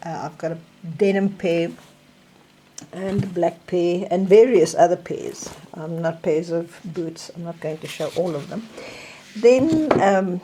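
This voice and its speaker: A woman's voice: on the low side, noisy background. An older South African woman with a South African accent, showing and explaining her hip surgery recovery tips in a casual, chatty way. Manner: slow, chatty, demonstrating objects. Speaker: vlogger sharing recovery tips. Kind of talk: casual show-and-tell.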